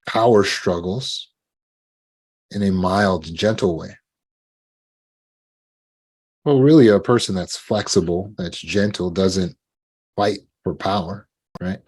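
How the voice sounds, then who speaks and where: A man giving a talk on trauma recovery, calm and gentle, now and then acting out short sample dialogues. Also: low-pitched. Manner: gentle, acts out sample dialogues with lively shifts. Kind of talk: instructional talk.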